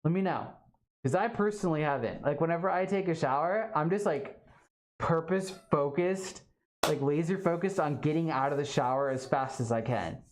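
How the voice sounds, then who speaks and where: A woman's voice: low-pitched, expressive, moderate pace. A young woman streaming live, chatting casually with her viewers and reading their comments, full of "like" and "um" fillers.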